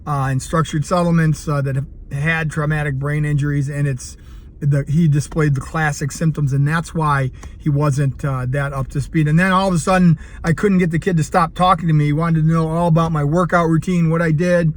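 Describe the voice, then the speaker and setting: Earnest man in his fifties, halting. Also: a little high, fairly even intonation, a little hiss or hum. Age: 50s. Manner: earnest, halting, frequent fillers. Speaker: CrossFit coach. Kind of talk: casual personal vlog storytelling.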